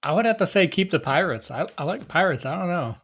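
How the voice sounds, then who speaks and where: Man, slightly higher voice, easygoing podcast co-host, casual chat. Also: animated, fast, a bit bright. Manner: easygoing, laughs often, hesitant fillers.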